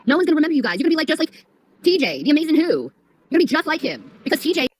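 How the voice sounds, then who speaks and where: A woman's voice: high voice, sing-song, very fast, slight background noise. A woman streamer on a profane rant, mocking and scolding her critics. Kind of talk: profane ranting livestream.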